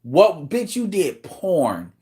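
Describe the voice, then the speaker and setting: A man's voice: a little high, wildly swooping pitch, slow, dark tone. A man ranting on his own show, blunt and profane, with a voice that swings widely up and down. He keeps circling back in disbelief, talking straight at the listener in a loose, casual way. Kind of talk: casual rant commentary.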